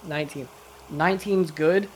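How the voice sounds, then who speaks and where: A man's voice: fairly high pitch, normal speed, a little mellow, slight background noise. A man running a tabletop game, narrating loosely with many fillers. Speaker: game master.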